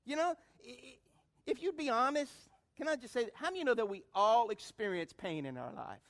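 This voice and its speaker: A middle-aged man preaching a sermon, calling out to the congregation and swinging between loud appeals and hushed lines. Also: extremely high pitch, expressive, fairly quick. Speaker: pastor.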